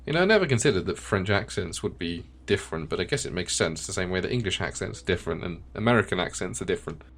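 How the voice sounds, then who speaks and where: A man commentating over a video game playthrough, thinking aloud in a relaxed, musing way and reading the on-screen text. His voice sits on the lower side. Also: fast. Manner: relaxed, musing, chuckles now and then. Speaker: let's play host.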